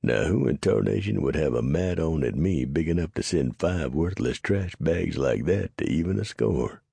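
A man's voice: extremely low pitch, lively intonation, normal speed, vocal fry, mellow, breathy edge, no room sound, heavily acted. A man voicing a weary drawling gunfighter. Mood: puzzled. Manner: drawling, plain-spoken.

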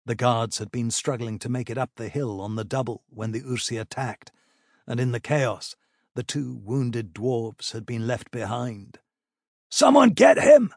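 A man narrating a fantasy battle audiobook in a measured, even storytelling manner. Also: mid-range voice, no room sound, clean studio sound.

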